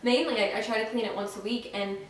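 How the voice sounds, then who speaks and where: Chatty and frank, this young Floridian vlogger talks fast about her pregnancy from inside her home, full of ums and restarts. Her slightly high voice keeps a fairly even intonation while she sounds dry-mouthed and short of breath. The mic is far off, and the room is very echoey with faint background noise.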